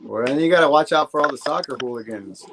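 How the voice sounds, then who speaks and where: A man from the northern United States hosting a casual trucking talk show, easygoing and quick to agree. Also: a little high, noisy background. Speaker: host. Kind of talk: casual chat.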